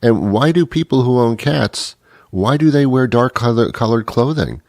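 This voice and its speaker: A man's voice: mid-range voice, animated, normal speed, a little mellow, no echo, clean studio sound. A man hosting a radio show, delivering a wry, rambling comic monologue with playful asides.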